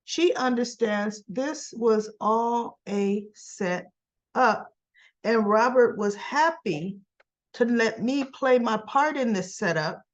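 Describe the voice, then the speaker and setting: Woman chatting thru a soap recap, slow and easy, kinda dull lo-fi sound. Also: fairly high pitch. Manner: chatty retelling with laughs and fillers. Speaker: soap opera reviewer. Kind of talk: casual episode recap.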